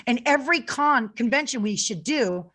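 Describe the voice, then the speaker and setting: A woman's voice: on the high side, animated, normal speed, a bit bright. A woman co-hosting a casual chat, telling stories enthusiastically and searching for words now and then. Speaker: co-host.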